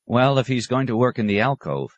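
An eager monk inventor pushing his practical plans, as a male narrator puts him on. His voice sits a little higher than the reader's own, lively and persuasive, with a dry close sound. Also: brisk, dry recording, lo-fi sound.

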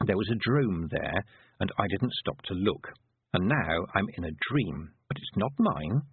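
A man voicing a sharp-witted, determined young witch girl who speaks in a brisk, practical way, a little higher than his own voice. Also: lively intonation, creaky, husky, no echo, exaggerated voice. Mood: musing. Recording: tinny phone-like dry recording.

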